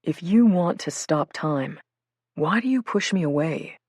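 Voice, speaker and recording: Woman narrator voicing a tender young man, soft and patient, low, dry read. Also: animated, unhurried, slightly rough, no echo, heavily acted. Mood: gentle, pleading. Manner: soft, gentle, pleading. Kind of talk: audiobook character voice.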